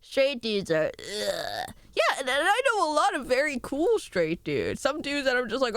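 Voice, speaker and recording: Giggly animated young woman streamer. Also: dry recording. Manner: giggly and animated, quick jumps in pitch. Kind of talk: casual chat reading viewer messages.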